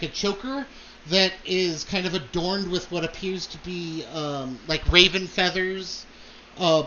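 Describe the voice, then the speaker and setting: Guy gm narrating casually, lots of ums, sharp voice, faint hiss. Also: high voice, muffled recording. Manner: casual, many fillers like um and like. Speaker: game master. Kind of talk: narrating a tabletop game.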